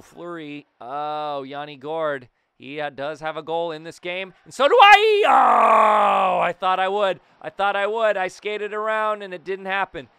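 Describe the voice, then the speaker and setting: A young man giving casual, jokey commentary over his own hockey video game, breaking into loud excited outbursts. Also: medium pitch, smooth, no echo. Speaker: gaming YouTuber.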